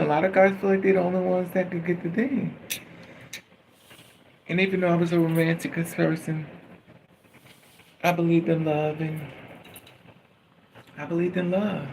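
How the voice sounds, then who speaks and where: A man's voice: a little high, gravelly, slight background noise, poor audio. A man vlogging in a candid emotional monologue, blunt and profane, venting with bitter humor.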